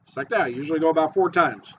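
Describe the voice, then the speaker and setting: A man who makes fishing baits and guides charters, giving an excited, repetitive how-to talk. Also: a little high, rapid-fire, a little hiss or hum. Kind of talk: casual how-to video talk. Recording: dull lo-fi audio.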